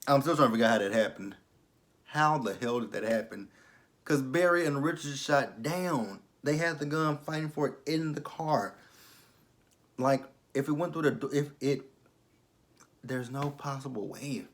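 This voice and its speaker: A young man gives a loose, swearing recap of a TV episode. He laughs often and jumps into the characters' lines with a lot of energy, in a voice of ordinary pitch for a man. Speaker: TV episode reviewer. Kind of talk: casual recap and commentary.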